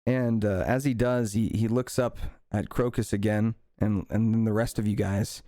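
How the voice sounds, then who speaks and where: A man narrating a tabletop fantasy game as game master, halting with frequent fillers and restarts. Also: on the low side, flat delivery, warm tone, no room sound.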